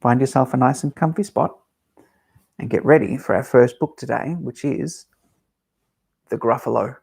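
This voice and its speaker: A man working as a children's librarian, gently reading picture books aloud on a live-streamed storytime. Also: mid-range voice, gravelly, husky. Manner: gentle, unhurried, talking to small children.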